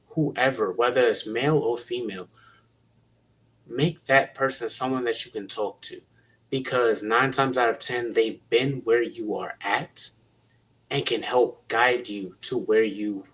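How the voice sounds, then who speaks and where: A man's voice: medium pitch, fairly bright tone, poor audio. A man who is a teacher, earnestly encouraging young people in a panel talk and retelling conversations with students.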